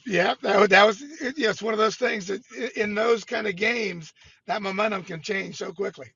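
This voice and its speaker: A man's voice: high voice, normal speed, vocal fry, pushed and bright, slightly rough. A middle-aged man, a former baseball player, joining an interview by video call and talking casually. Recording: dull lo-fi video call audio.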